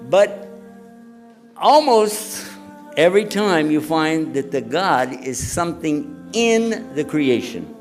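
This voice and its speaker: A man preaching in a lively, chatty lecture style, quizzing a live audience as he goes. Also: on the high side. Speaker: Islamic preacher.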